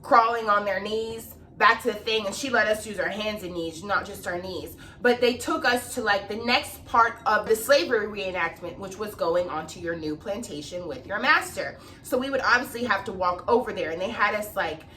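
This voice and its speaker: A young woman casually telling a story to camera, animated and swearing freely as she acts out the people in it. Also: mid-range voice, normal speed, hardly any pauses, far from the mic, a little hiss or hum.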